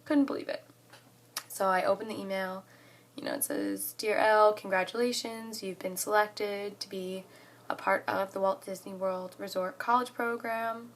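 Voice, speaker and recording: A young woman in her twenties telling a story to the camera in a casual vlog, excited and chatty, saying "like" often. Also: mid-range voice, normal speed. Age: 20s. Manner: excited and chatty, heavy use of "like". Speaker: college student vlogger.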